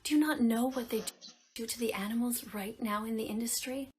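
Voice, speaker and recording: A woman's voice: on the high side, steady tone, fairly quick, darkish tone. A woman giving a dramatic, moralizing activist monologue in an accusatory tone. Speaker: vegan activist. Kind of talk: preachy social media monologue. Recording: clip with music playing behind. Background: music.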